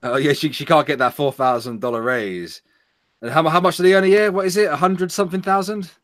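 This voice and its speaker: A man's voice: a little high, brisk, fairly bright tone, dry recording, clean studio sound. A man hosting a casual political chat show, joking, laughing often and stumbling into restarts. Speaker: host of an online talk show.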